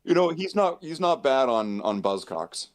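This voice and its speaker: A man chatting casually as a co-host, rambling from one thought to the next and laughing often. His pitch swings widely, rising high when he is amused, while his voice sits at an ordinary middle pitch. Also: big pitch swings, normal speed. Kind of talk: casual chat.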